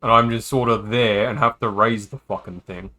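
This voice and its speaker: A man reads a visual novel aloud for his stream in a bright, forceful voice pitched fairly low, with fairly even intonation and a moderate pace. He's casual and jokey, wandering into asides between lines.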